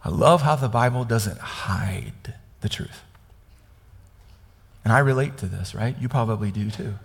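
A man's voice: mid-range voice, lively intonation, moderate pace, creaky, big-room sound. A man from Kansas preaching a conversational sermon, often asking his listeners questions. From Kansas, United States. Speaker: pastor.

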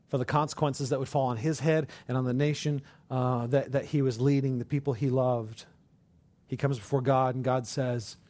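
A man preaching a sermon with animated delivery, rhetorical questions and repeated words. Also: mid-range voice, no echo. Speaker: pastor.

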